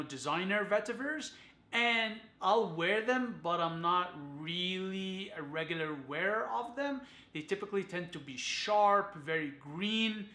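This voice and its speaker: A man's voice: on the high side, pushed and bright, echoey room. A man giving a chatty to-camera perfume review, often adding "okay" and "you guys".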